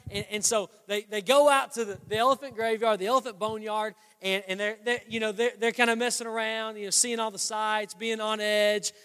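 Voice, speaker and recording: A man in his thirties preaching a sermon, telling a story with animated energy that builds into passionate, loud preaching. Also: high-pitched, fairly quick, hardly any pauses, smooth. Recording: long hall reverb with faint guitar.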